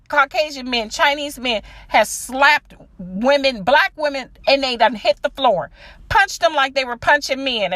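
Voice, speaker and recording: A woman's voice: high-pitched, sharp tone, no room sound. A woman hosting her own podcast, delivering a blunt, profane opinion monologue straight to her listeners. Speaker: podcast host.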